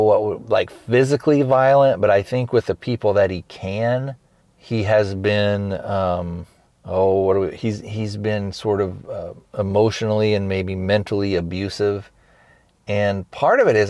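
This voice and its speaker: Guy with a lowish voice rambling thru a movie recap, dry close sound, keeps restarting. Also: darkish tone, no echo. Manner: rambling, many restarts, acts out quoted lines. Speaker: podcast host reviewing a film. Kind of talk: casual recap.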